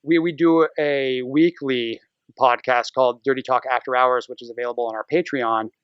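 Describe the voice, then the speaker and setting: A man guest on a podcast, chatting casually and a bit haltingly with fillers. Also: mid-range voice, smooth, dry recording, dull audio. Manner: relaxed, rambling, hesitant with fillers. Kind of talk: casual interview chat.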